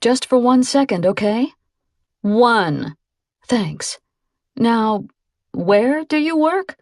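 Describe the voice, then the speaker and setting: A woman reading an audiobook voices a quiet, hesitant young woman close to her own voice. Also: a little high, expressive, drawn-out words, no room sound, full character voice.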